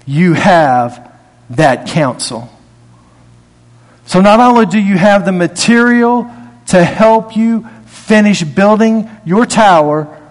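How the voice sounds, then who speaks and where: A man preaching a sermon in a conversational way, reading scripture aloud and rising in pitch to stress his points. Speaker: pastor. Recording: long hall reverb.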